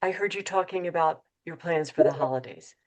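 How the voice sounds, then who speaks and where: Woman, middle-aged, low voice, keynote talk, animated quoted dialogue. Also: brisk. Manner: lively, acts out quoted dialogue. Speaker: keynote speaker. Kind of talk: motivational webinar talk.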